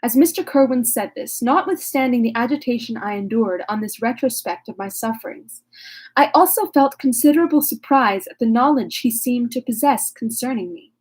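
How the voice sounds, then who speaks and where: A woman's voice: a little high, animated, moderate pace, darkish tone, breathy edge. A woman reading a classic novel aloud, breaking off now and then for wry, joking asides. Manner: wry asides, laughs at herself. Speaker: reader.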